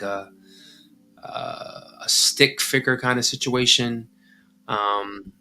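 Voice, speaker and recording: Slow, playful man hosting a livestream. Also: fairly low pitch, bright, forceful tone. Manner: playful, theatrical, drawn-out delivery. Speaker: host of a compost channel livestream. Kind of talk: casual livestream talk.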